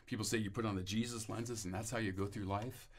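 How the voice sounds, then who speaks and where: Man, lowish voice, rambling testimony, frequent restarts. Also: fairly even intonation, quick pace, a little hiss or hum. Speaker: interview guest. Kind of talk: personal testimony.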